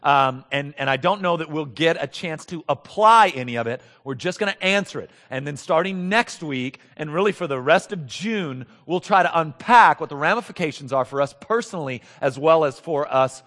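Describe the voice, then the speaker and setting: A man's voice: a little high, lively intonation, normal speed, few pauses, a bit bright. A man preaching a sermon as pastor, earnest and emphatic, often repeating words as he builds his points. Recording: long hall reverb.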